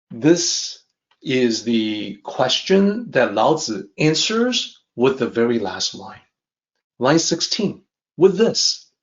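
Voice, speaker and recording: A man talks through a classic text in a calm teaching voice, going over each idea more than once. He speaks slowly and deliberately at a middle pitch. The recording sounds a little dull and lo-fi. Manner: measured, repeats and rephrases ideas. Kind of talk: calm explanatory lesson.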